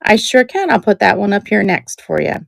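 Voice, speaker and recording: A woman hosting a live jewelry auction stream, chatting in a relaxed way as she describes each piece, with many ums. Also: mid-range voice, brisk, vocal fry, no echo.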